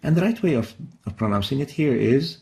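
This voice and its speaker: A man teaching Quran recitation in a recorded lesson, explaining patiently and demonstrating each sound slowly and carefully. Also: medium pitch, expressive, gravelly, mellow.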